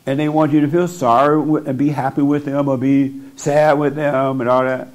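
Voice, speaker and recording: A man's voice: medium pitch, little pitch movement, normal speed. A man giving blunt spiritual counsel to someone in front of him, talking into a microphone and driving his points home by repeating them. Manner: blunt, repetitive, insistent. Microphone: speaking into a microphone.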